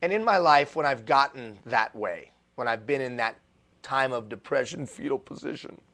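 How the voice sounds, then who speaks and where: A male motivational speaker giving a live keynote talk, animated and self-deprecating, repeating phrases for emphasis. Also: medium pitch, moderate pace. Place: stage before a live audience.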